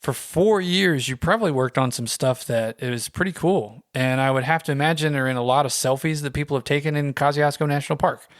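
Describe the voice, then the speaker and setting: A man hosting a podcast in casual chat, relaxed and supportive, swearing casually. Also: fairly high pitch, fairly quick, hardly any pauses, no echo, studio quality. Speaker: podcast host. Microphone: remote call mic.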